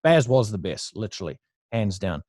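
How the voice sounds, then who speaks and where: A man's voice: fairly low pitch, sing-song, normal speed, darkish tone, no echo. An Australian man in his thirties, a podcast guest, telling stories from his past in a blunt, profane, casual way with frequent laughs. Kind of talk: casual storytelling interview.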